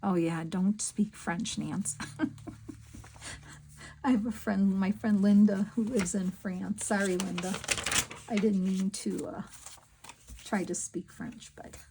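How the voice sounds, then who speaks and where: A middle-aged woman chatting casually to her viewers while she works on a craft project, talking to herself in soft asides. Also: medium pitch, fairly even intonation, slow, pauses often, noisy background. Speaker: crafting vlogger.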